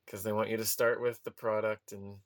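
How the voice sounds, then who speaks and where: A man in casual podcast chat, relaxed and wry, leaning on "um" and "like" as he talks. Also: lowish voice, fairly quick. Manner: relaxed, full of fillers like "um" and "like", wry. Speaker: podcast co-host, new teacher.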